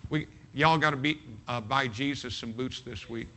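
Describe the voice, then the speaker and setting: A man's voice: medium pitch, moderate pace, sharp tone. A man preaching a sermon as pastor, emphatic and folksy, often repeating his phrases.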